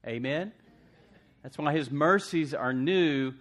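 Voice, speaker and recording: A man preaching a sermon to a church congregation, asking "amen?" and swinging from hushed asides to loud emphasis. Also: fairly high pitch, slow. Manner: call-and-response preaching, asks congregation "amen?". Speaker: pastor.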